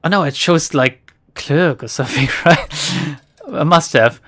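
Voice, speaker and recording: A woman's voice: low voice, measured pace, fairly bright tone. A woman streamer giving casual, jokey commentary on a video game she plays, reading narration and laughing at herself. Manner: jokey, self-mocking, often laughing. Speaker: let's play streamer.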